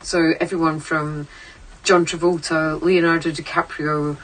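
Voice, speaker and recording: A woman's voice: deep voice, flat delivery, a little slow, distant mic, low-quality recording. A Scottish woman guesting on a radio show, telling self-deprecating stories with giggles. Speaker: studio guest, former TV presenter. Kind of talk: casual radio chat.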